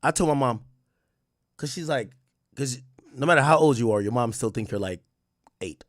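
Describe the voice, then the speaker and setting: A man chatting to his livestream audience in a casual, slangy way, with plenty of profanity. His pitch swings widely as he tells stories. The sound is dry and close. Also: normal speed, dry recording. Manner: animated storytelling with slang and profanity. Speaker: streamer.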